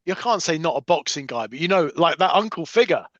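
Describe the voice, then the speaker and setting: Male host, casual interviewer, a bit high-pitched, dry and slightly dull audio. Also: a little fast, no echo. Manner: relaxed, conversational, loose phrasing. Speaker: podcast host.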